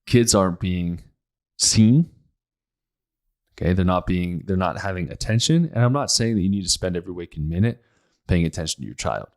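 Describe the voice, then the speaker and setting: A man's voice: sits low, lively intonation, normal speed, long pauses. A man hosting a podcast, speaking in a blunt, emphatic casual monologue and often repeating his points. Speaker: podcast host.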